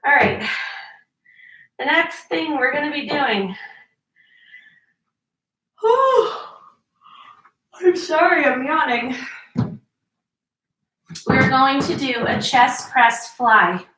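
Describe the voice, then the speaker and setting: Middle-aged woman fitness coach, high bright voice, winded, slow encouraging rep counts, echoey room, mic set back. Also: expressive, far from the mic, slight background noise. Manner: encouraging, counts reps, explains form. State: out of breath, sighing between sets. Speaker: fitness instructor. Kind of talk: workout instruction.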